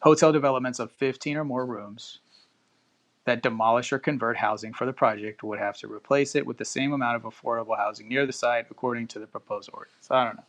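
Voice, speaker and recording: A man's voice: mid-range voice, steady tone, fast, fairly bright tone. A man hosting a live-stream podcast, chatting casually with listeners and reading news aloud with loose, profane asides. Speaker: podcast host.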